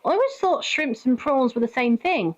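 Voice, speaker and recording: Streaming a game, a British woman chats and giggles with her audience, addressing viewers by name. Her high voice is animated at normal speed, and the highs are cut off.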